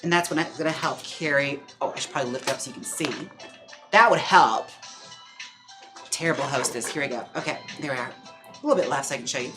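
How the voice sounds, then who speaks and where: A man hosting a livestream in casual chat, talking with lots of fillers and quick laughs. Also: mid-range voice, over music. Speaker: live-stream host. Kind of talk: casual chat during a wig-styling livestream.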